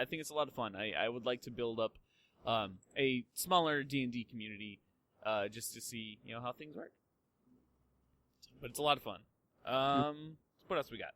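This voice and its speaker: Bright young dude hosting a podcast, rambly, lots of ums and cussing. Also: male voice, mid-range voice, brisk. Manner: rambling, swears freely, lots of fillers and restarts. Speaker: podcast host. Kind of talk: casual chat.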